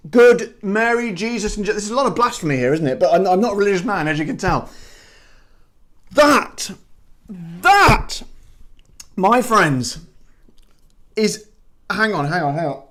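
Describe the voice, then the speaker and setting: A man's voice: high-pitched, sing-song, a little slow, pauses often, pushed and bright. A man hosting a casual drink-tasting review, exuberant and exclamatory, rambling through his thoughts with frequent restarts. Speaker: gin reviewer, show host.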